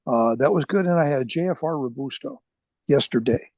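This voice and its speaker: A man's voice: medium pitch, moderate pace, a little mellow, dry recording. An older man chatting as a podcast guest, blunt and enthusiastic, swearing casually. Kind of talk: casual chat.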